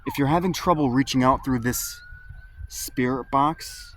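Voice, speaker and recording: A man sits in an outdoor cemetery at dusk, recording into a phone strapped to his arm. He calls out to spirits in a slow, coaxing voice and breaks off for relaxed asides to his viewers. Faint traffic hums in the background. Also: medium pitch. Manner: calm, slow, coaxing call-outs mixed with casual asides to viewers. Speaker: paranormal vlogger. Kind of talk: ghost-hunting vlog, calling out to spirits.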